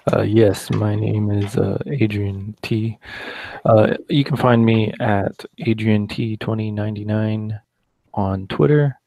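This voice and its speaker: A man on a casual livestream panel, talking in an unhurried, flat way. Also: fairly low pitch, creaky, no room sound. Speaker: panel guest, artist.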